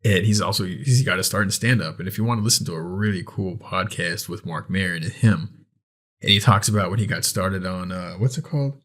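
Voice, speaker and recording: Podcast co-host, young adult man, lower register, relaxed and enthusiastic, casual swearing. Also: a little fast. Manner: loose, swearing, enthusiastic recommending. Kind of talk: casual chat.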